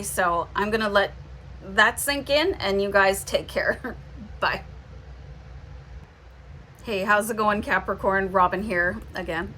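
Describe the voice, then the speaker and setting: A woman's voice: medium pitch, sharp tone, a little hiss or hum. A woman with a Canadian accent giving a casual, reassuring tarot reading, often checking in with "okay?". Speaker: tarot reader.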